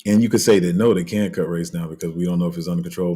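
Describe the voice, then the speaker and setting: A man's voice: low-pitched, fairly even intonation, very fast, dark tone, slightly rough. A man hosting his own channel, talking in loose unscripted commentary, blunt and casual, often losing his place and filling gaps with ums. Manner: rambling, loses his place, heavy fillers; blunt, street-casual speech. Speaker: crypto channel host.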